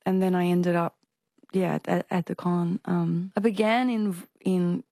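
A woman, a singer, talking in a casual interview with halting speech and frequent restarts from a stutter. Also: lowish voice, level tone, dark tone, no echo, studio quality. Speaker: singer and performer, interview guest.

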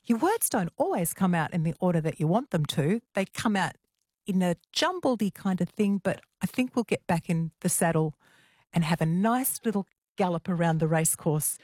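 A woman's voice: lowish voice, animated, moderate pace, a little mellow, no room sound, clean studio sound. Chatty woman hosting radio. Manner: chatty, playful and self-mocking. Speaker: fill-in radio host. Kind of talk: casual radio chat.

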